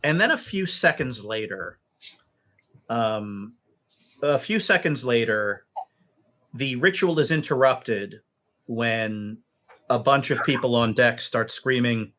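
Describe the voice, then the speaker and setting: A man narrating a tabletop game as game master, telling the story in an unhurried way with many fillers. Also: mid-range voice, lively intonation, sharp tone.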